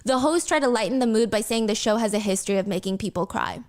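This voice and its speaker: Woman recapping a clip, higher-pitched. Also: quick pace, darkish tone. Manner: explains cultural context, earnest and sympathetic. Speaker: reaction channel host.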